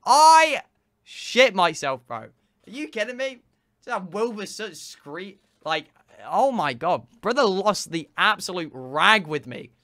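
A seventeen-year-old male streamer telling his chat a story in a rambling, excitable way, with lots of fillers and swearing. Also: sits high, slow pace.

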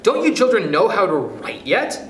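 A man puts on a tiny mouse teacher, fussy and brisk, bossing the class about in a raised voice that bounces all over. It rings in a roomy space with a faint hiss behind. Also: high voice, sing-song, a bit bright, voice pushed up. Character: tiny self-assured mouse playing schoolteacher. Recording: roomy echo, faint noise.

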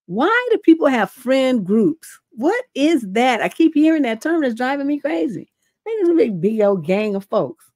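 Middle-aged female advice host, frank and profane storyteller, a touch high-pitched, dry room. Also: sing-song, moderate pace, darkish tone, no room sound. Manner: blunt and profane, tells stories. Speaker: relationship coach and advice show host. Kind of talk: livestream advice talk.

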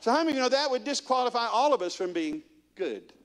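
A man's voice: very high-pitched, quick pace. A man, preaching a guest sermon in a church and quizzing the congregation with question after question. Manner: animated storyteller, quizzing the congregation with repeated questions.

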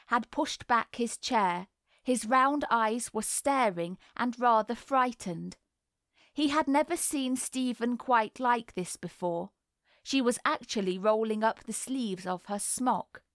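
A woman narrating a classic novel in a measured, deliberate reading voice. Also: a little high, dry recording, studio quality. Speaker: audiobook narrator. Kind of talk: scripted literary narration.

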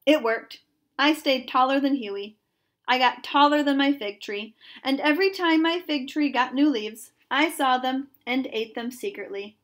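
A woman teacher reading a children's story aloud in an expressive storytelling manner. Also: high voice, a little slow.

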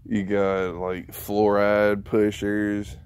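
A man's voice: lowish voice, completely flat delivery, drawn-out words, a little mellow, clean tone. A man vlogging a casual rant, rambling and profane, often breaking into laughter.

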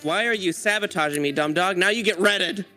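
A man's voice: high-pitched, brisk, pushed and bright, soft background music. A young man in casual gaming chat, laughing, swearing and rambling through stories. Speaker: gamer.

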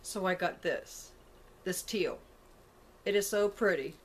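A woman's voice: lowish voice, slow, slight background noise. Rambling chatty woman vlogging at home. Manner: rambling, chatty, thinks aloud. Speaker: vlogger showing a shopping haul. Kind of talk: casual chat to camera. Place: indoors at home, room with a closet. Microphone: camera on a tripod.

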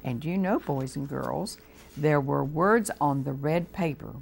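A woman with an American accent reading a storybook aloud to children on a TV show, slow and gently expressive. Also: deep voice, gravelly, a little hiss or hum. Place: TV studio.

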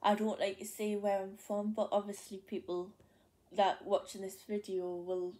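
A young Geordie woman chats to her camera and tells a long story from her day, looping back with plenty of ums, likes and restarts. Her voice is mellow and soft, never sharp. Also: medium pitch, monotone, moderate pace. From North East England. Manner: rambling, many fillers and restarts. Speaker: vlogger. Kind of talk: casual chatty storytelling.

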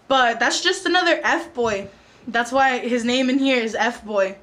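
A teenage girl with a high, light voice talks straight to her viewers in a casual storytime vlog. She is chatty and animated as she recounts the exchange. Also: a little slow. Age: teens. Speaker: vlogger.

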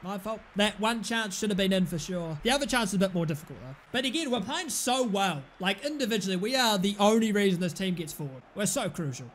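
A young man commentating his own football video game play, excitable, shouting at big moments and muttering in between. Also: high-pitched, quick pace, few pauses, a little hiss or hum. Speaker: gaming commentator. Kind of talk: live let's-play commentary.

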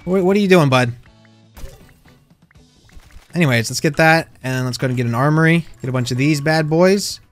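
Slightly high-voiced and speaking at normal speed with long pauses, this man commentates gameplay over soft background music. As a gaming YouTuber, he trash-talks other players in fun and lets out sudden excited yelps.

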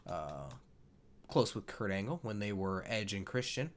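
A man's voice: on the low side, lively intonation, measured pace. Jokey, swearing man narrating a game. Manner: jokey, profane, rambling. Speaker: video game commentator. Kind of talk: casual gameplay commentary.

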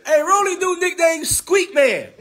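Against a noisy background, a young boxer on a phone live stream runs his mouth at rivals in a very high, expressive, somewhat slow voice. The trash talk is brash and taunting, full of repetition and mid-sentence laughs.

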